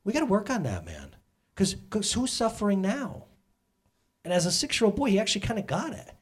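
A man in his thirties with a slightly husky, fairly high voice delivers a sermon. His pitch moves a lot, jumping up when he makes a point and sinking low and soft when he tells a family story. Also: fairly quick. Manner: animated, swings between loud exclamations and soft storytelling. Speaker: pastor.

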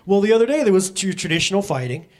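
A man in his thirties preaching a sermon with animated swings between loud exclamations and soft storytelling. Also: high voice, very fast, a little hiss or hum. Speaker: pastor.

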